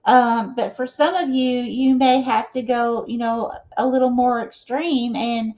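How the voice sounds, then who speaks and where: A woman's voice: on the high side, fairly even intonation, unhurried, darkish tone. A woman giving a live tarot reading, talking casually and checking in often with her viewers. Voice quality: conversational, frequent "okay?" and "you know" fillers. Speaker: tarot reader. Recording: dull lo-fi sound.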